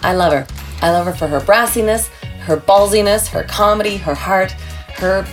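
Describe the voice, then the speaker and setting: A woman's voice: medium pitch, normal speed, faint music behind. A woman from Canada hosting a podcast, enthusiastic and gushing as she introduces her guest and chats with her. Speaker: podcast host.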